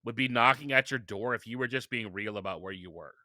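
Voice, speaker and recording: Slightly fast and medium-pitched, a man on a podcast chats casually as an interview guest, telling animated stories and restarting sentences often. The sound is clean studio audio without any room sound.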